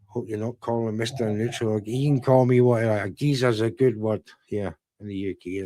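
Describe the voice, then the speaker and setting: A man's voice: mid-range voice, measured pace, no echo. A man giving live boxing commentary on a watchalong stream, talking casually to viewers and answering their chat. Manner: conversational, talks straight to viewers by chat name. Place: UK-based streaming setup.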